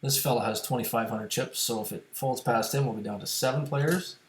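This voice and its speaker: In an echoey room with a little hiss or hum, a man with a mid-range voice talks briskly. He's a poker streamer giving casual live commentary, musing to his audience about his hands and stack sizes.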